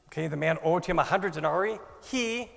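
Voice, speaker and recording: A man preaching a sermon with a dramatic delivery, swinging from loud bursts to soft asides. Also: a little high, a little fast, vocal fry, big-room sound.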